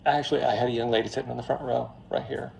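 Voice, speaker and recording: A man lecturing on finance in a classroom, telling a story in a lively, joking way straight to his students. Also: mid-range voice, rapid-fire, creaky, a little hiss or hum. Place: classroom before a live audience.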